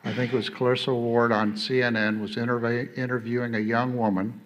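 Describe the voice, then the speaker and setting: A man's voice: medium pitch, level tone, a little fast. A middle-aged man, an ambassador on a conference panel, making his point emphatically with rhetorical questions and repeated "okay?".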